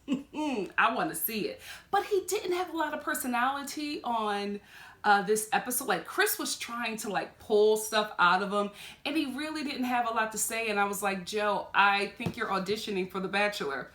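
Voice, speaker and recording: A woman vlogger giving a casual, animated review of a TV show, laughing often and jumping into high exclaims. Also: normal speed, reverberant.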